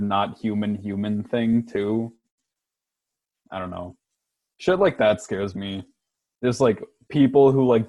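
A man's voice: mid-range voice, dark tone, dry recording. A man co-hosting a podcast, talking in a rambling, casual way full of fillers. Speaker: podcast co-host. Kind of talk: casual chat.

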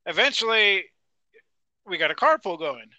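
A man's voice: sits high, very animated, moderate pace, dull audio, crowd noise. A man co-hosting a podcast, chatting casually and steering the talk back to his story. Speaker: podcast co-host. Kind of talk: casual chat.

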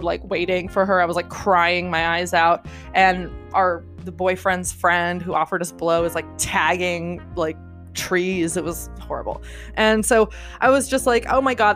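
A young woman with a fairly low voice tells a personal story in a casual, rambling way, swearing freely and packing her lines with filler. She jumps sharply higher whenever she quotes someone. Faint music plays quietly behind her. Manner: chatty, lots of filler words and swearing; animated, jumps high when quoting people.

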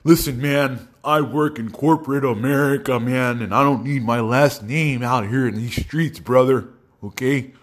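A man's voice: medium pitch, moderate pace, a little hiss or hum, voice pushed up, lightly acted. A man doing a nervous, pleading grown man. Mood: anxious pleading. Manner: anxious, pleading. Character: nervous, scared grown man friend who is protective of his name.

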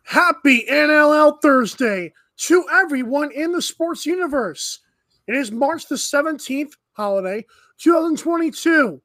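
A man's voice: very high voice, lively intonation, measured pace, pushed and bright, no room sound. A man hosting a morning sports talk show, chatting casually and rambling with lots of fillers.

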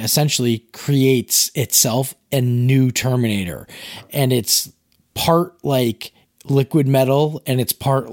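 A man's voice: medium pitch, dry recording, studio quality. A man chatting casually about movies, rambling and correcting himself, with many fillers. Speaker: podcast co-host explaining movies. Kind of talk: casual chat.

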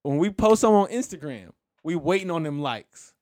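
A man's voice: fairly high pitch, animated, brisk, darkish tone, no echo, clean studio sound. A young man co-hosting a podcast, chatting in a laid-back, rambling way and laughing easily. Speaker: podcast co-host. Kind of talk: casual chat.

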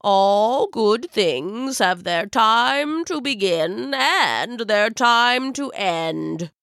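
A woman doing a slow, kindly old wizard. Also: animated, no echo, clean studio sound, full character voice. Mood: gentle. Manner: slow, deep, gentle and wise. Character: kindly old male wizard Father Frost. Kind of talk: storybook voice acting.

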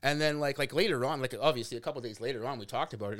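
A young man from Canada telling a story in casual podcast chat, animated and laughing, acting out quotes. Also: medium pitch, fast. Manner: animated, laughs often, acts out quotes, swears. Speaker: podcast guest.

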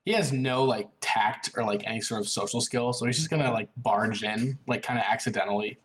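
A man's voice: mid-range voice, steady tone, a little fast. A man playing a tabletop fantasy game, describing his character's actions hesitantly, with many filler words. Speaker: player. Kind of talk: casual tabletop play.

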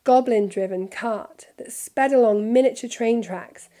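A woman reading a children's novel aloud in steady, clear narration. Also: fairly high pitch, measured pace. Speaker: storybook reader.

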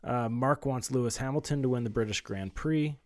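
A man hosts a relaxed podcast among friends and reasons his way through each pick with halting fillers. The sound is dry and close, with no room around it. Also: medium pitch, no room sound. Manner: hesitant, lots of uh fillers, reasoning aloud. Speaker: podcast host reading out the bets. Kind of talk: casual chat.

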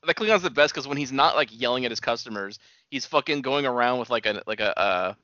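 A laid-back man tossing in trivia and crude remarks while chatting about a show. His pitch moves a lot and his tone is bright. The recording is dry and slightly muffled. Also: animated, fast talker, no room sound.

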